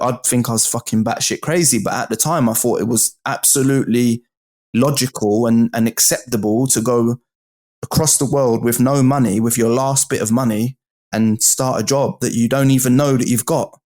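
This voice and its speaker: A man, a podcast guest, telling his story in a casual, animated way, swearing freely and calling the host bro and mate. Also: medium pitch, normal speed.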